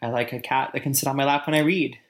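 A man in casual conversation, telling a personal story with pauses and fillers. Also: medium pitch, steady tone. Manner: reflective storytelling, many fillers. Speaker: conversation partner. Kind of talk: casual chat.

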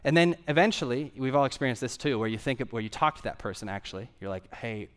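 A man's voice: mid-range voice, lively intonation, quick pace. A man preaching a sermon in a conversational way, asking the audience questions and repeating key phrases for emphasis.

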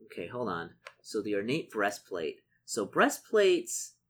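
Sex: man. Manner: excitable, muttering gamer. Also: fairly low pitch, a little slow, slight background noise. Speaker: solo tabletop game player. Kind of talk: casual narration of a solo gamebook.

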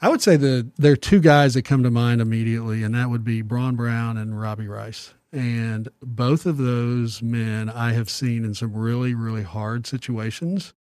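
A middle-aged man talking about faith in an earnest, reflective way, pausing to restart his sentences. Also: mid-range voice, steady tone, darkish tone, clean tone, dry recording. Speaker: podcast guest. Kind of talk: casual Bible discussion.

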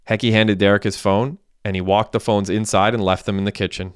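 A man reads a crime story in a steady, even manner. His low voice is smooth and clear, and the recording is close and free of room sound. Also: a little fast, few pauses, no echo. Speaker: audiobook narrator. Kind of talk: scripted narration.

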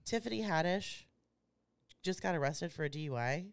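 A woman's voice: lowish voice, expressive, moderate pace, gravelly. A woman, co-hosting a casual podcast as an insurance agent, chatty and rambling. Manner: chatty, rambling, laughs easily. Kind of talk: casual chat.

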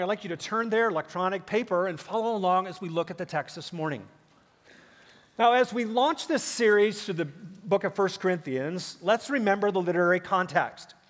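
Pastor, man, fifties, high-pitched, emphatic preaching with rhetorical questions, long church reverb. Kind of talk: sermon. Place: large church sanctuary.

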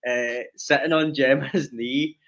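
A young man chatting in a relaxed way and chuckling as a podcast co-host. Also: medium pitch, a little slow. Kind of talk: casual chat. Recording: dull lo-fi sound.

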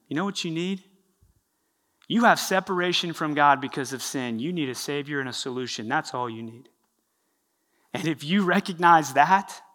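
A man preaching a lively sermon, retelling scripture stories and acting out the characters' lines. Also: fairly high pitch. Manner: animated, storytelling with acted-out quotes. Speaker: pastor.

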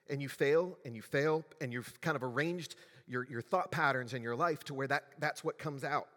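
A man's voice: on the high side, fairly bright tone. A man preaching a sermon as pastor, in a conversational way, often asking the congregation questions. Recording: long reverb of a large hall.

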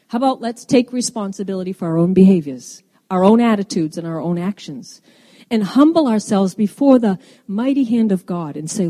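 A woman's voice: medium pitch, lively intonation, normal speed, dark tone. A middle-aged woman giving a sermon, speaking in an earnest, emphatic way and asking her listeners rhetorical questions. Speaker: women's ministry speaker. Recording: long reverb in a large hall.

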